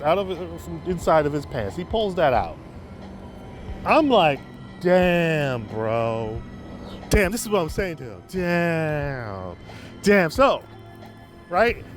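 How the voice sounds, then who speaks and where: A man telling stories in a rambling, unscripted way, full of restarts. His pitch swings widely and sits a bit high for a man, with faint music underneath. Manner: rambling, many fillers and restarts, lively swings. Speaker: storyteller vlogger. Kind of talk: casual anecdote storytelling.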